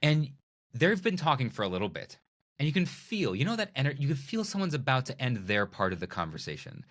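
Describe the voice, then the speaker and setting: A middle-aged man, a magician and speaker, talking as a podcast guest in a playful, animated way that acts out little scenes of dialogue. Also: mid-range voice, brisk. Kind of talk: animated conversational interview.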